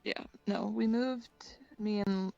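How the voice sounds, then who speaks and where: A woman's voice: mid-range voice, fairly even intonation, takes it slowly, vocal fry, warm tone, no room sound, dull audio, faint music behind. A woman roleplaying casually, playful and hesitant, with lots of fillers. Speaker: roleplayer, character named Rain. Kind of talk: casual in-character chat.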